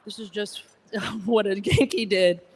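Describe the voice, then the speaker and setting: A woman's voice: mid-range voice, fairly even intonation, a little slow, husky. A woman from Egypt, raised in Alabama, with an American accent like someone from Connecticut, doing a stand-up comedy set at a gala and teasing the crowd. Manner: chatty, teasing the crowd, self-deprecating. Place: banquet hall with a live audience.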